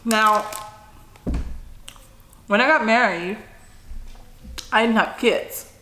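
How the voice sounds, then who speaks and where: A woman's voice: a little high, extremely slow, sharp tone. A middle-aged woman vlogger chatting casually while she eats on camera, often humming "mm" between bites. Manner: chatty, frequent mm sounds while eating. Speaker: mukbang vlogger. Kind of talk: casual eating vlog chat. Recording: roomy echo.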